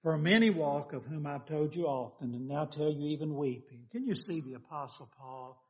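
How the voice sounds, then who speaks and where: An older man preaching a sermon, folksy and animated, firing questions at the congregation. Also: on the high side, moderate pace.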